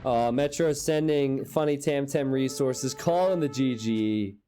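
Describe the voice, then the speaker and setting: A young man casting a strategy game live, excitable and quick to jump into high shouts at big plays. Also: faint music behind. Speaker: game caster.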